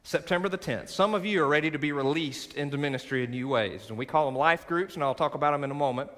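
A man's voice: on the high side, fast, fairly bright tone. A male pastor preaching a sermon to his church, with rising emphasis and call-and-response moments. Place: large church sanctuary. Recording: sanctuary with long reverb.

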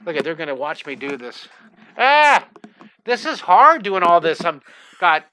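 An older man, a drawing teacher, greeting viewers by name in a live online lesson, excitable and scattered, talking into a headset mic at home. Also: high-pitched, a little slow, a little hiss or hum. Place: home studio.

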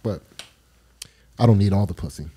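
A man's voice: fairly low pitch, moderate pace, mellow, breathy edge. A man co-hosting a comedy podcast, talking in a hesitant, self-deprecating way. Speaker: podcast co-host. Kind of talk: casual chat.

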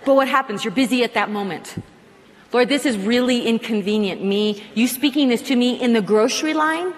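A middle-aged woman preaches with a fairly high, animated voice, slipping into little acted-out prayers as she talks. Her voice rings out in a large hall with a long reverb trailing each phrase. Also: brisk, a little hiss or hum. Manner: animated, acts out prayers in quoted asides. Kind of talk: sermon. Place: large hall with live audience.

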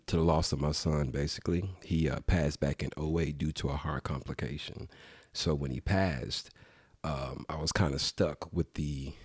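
A man's voice: rumbling low, a little mellow, husky, no room sound, clean studio sound. A man from Dallas, a podcast guest talking in a laid-back, reflective way. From Dallas, Texas. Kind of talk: casual podcast conversation.

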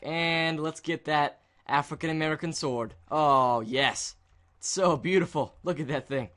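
A man with a somewhat high voice chatting through his gameplay, excitable and jokey. He bursts into mock-dramatic cheers and groans as he goes. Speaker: gaming video creator. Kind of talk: casual gameplay commentary.

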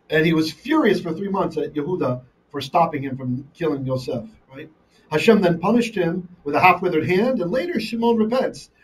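A man's voice: a little high, distant mic, a little hiss or hum, poor audio. A man teaching a live online Bible lesson, reading Hebrew verses and translating them line by line, often checking in with "right?". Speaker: Torah teacher.

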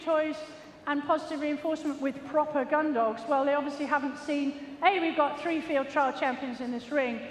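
A woman, a gundog trainer giving a chatty, jokey, self-mocking commentary during a live arena demonstration. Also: sits high. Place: large indoor show arena. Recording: echoey hall with long reverb, faint noise.

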